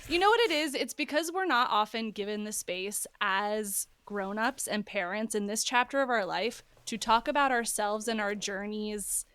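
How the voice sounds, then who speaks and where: A woman in her thirties hosting a podcast, talking casually and quick to agree with her guest. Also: mid-range voice, a bit bright, clean tone, no echo. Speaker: podcast host. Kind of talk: casual interview conversation.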